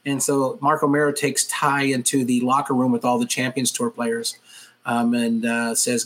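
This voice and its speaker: A man's voice: medium pitch, monotone, moderate pace, a bit bright. A man who hosts a radio show, chatting on a podcast in a rambling way, full of fillers. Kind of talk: casual podcast chat.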